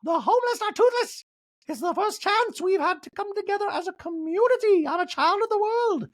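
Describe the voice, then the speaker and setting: Guy doing a squealy gushy lady host, super high and loud. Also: lively intonation, a little fast, no echo, clean studio sound. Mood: gushing. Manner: shrill, whooping, over-the-top. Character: squealing excited woman emcee, gushing hostess.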